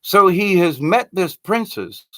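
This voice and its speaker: A man's voice: high-pitched, big pitch swings, slow, pushed and bright, no room sound. A man telling a spiritual story in a loose, conversational way, often restarting his sentences. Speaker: spiritual teacher. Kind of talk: spoken storytelling talk.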